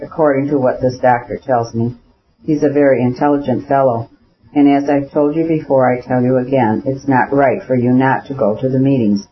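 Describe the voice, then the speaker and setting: A man's voice: medium pitch, lightly acted. Earnest elder brother, educated and lecturing , read by a man; persuasive, dull lo-fi audio. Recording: dull lo-fi recording.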